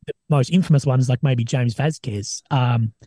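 A man's voice: medium pitch, moderate pace, no echo. A young Australian man, an army veteran guest, talking casually and swearing often as he acts out what other people said. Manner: swears a lot, animated retelling of others' words. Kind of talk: casual interview talk.

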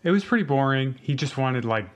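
Male podcast co-host, relaxed and blunt, ordinary mid-range voice. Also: mid-range voice, a little fast. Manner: laid-back, short agreeing replies and blunt opinions. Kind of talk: casual chat.

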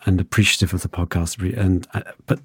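Deep husky-voiced male podcast host. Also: fairly even intonation, fast talker, dry recording, clean studio sound. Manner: hesitant, many restarts and fillers. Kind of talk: casual studio chat. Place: studio.

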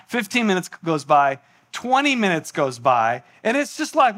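A man preaching with a high, bright and forceful voice. He tells a personal story with lots of animation and acts out the voices in it. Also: big pitch swings, unhurried. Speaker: pastor.

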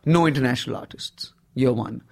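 A man with an Indian accent, a stand-up comedian in his thirties, chatting in an interview and telling animated stories, often saying "you know". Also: medium pitch, fairly quick, gravelly, breathy edge. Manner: lively storyteller, peppers speech with "you know". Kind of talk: casual interview conversation.

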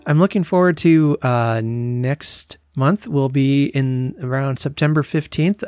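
A man's voice: medium pitch, unhurried, hardly any pauses, clean tone, no echo, studio quality. A man hosting a podcast, speaking in an earnest, reflective way as he tells family stories in a casual monologue. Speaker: podcast host.

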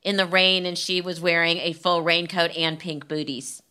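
A woman's voice: lowish voice, flat delivery, normal speed, sharp tone, smooth. A woman co-hosting a casual chat, teasing and playful in the way she talks. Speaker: podcast co-host.

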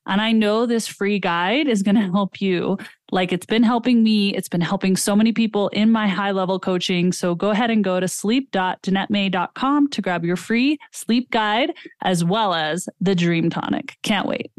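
A woman's voice: mid-range voice, normal speed, no room sound, clean studio sound. A woman hosting a podcast, speaking enthusiastically to listeners as friends while promoting a giveaway and a sleep guide. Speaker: podcast host and coach. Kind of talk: upbeat podcast intro and promo.

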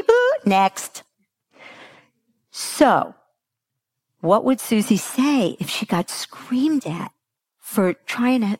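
A middle-aged woman gives a parenting talk in an unhurried, deliberate way. Her pitch swings widely as she acts out little quotes. Her voice carries a gravelly edge and sounds dry, close to the mic. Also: no room sound. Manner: animated, acts out quotes with big pitch jumps. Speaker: parenting coach speaker. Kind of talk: motivational talk to an audience.

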